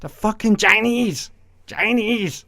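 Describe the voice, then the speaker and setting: A man's voice: sits high, takes it slowly, gravelly, bright, forceful tone, no echo, voice pushed up, exaggerated voice. A man putting on a crude, swearing impression of a gloating male president who mutters curses to himself. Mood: muttering angrily.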